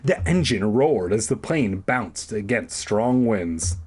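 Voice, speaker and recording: A man reading a story aloud for comedy, with sarcastic, profane, deadpan asides. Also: fairly low pitch, takes it slowly, few pauses, breathy edge. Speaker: audiobook reader.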